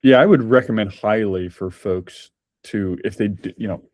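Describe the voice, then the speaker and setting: A man's voice: on the low side, normal speed, darkish tone, no room sound, studio quality. A man talking as a podcast guest, candid and chatty as he tells his story. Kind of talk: casual conversation.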